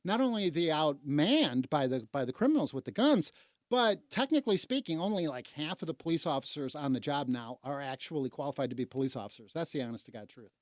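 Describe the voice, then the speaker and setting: A woman from Chicago hosting talk radio, delivering a sarcastic, indignant rant that swings between low mutters and loud outbursts. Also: no echo, studio quality. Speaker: radio talk show host.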